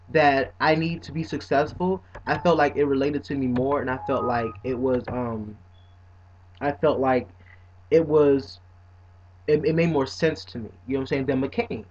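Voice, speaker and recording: A young man talks casually straight to camera, switching between playful joking and earnest points. His voice sits fairly high for a man. The audio is dull and lo-fi. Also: normal speed. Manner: playful and animated, then earnest, with frequent "you know what I'm saying". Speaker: vlogger. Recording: dull lo-fi recording.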